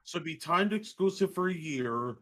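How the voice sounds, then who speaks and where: A man hosting a gaming channel, chatting excitedly and swearing casually during a live reaction stream. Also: a little high, moderate pace. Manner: excitable, profane, reads news aloud.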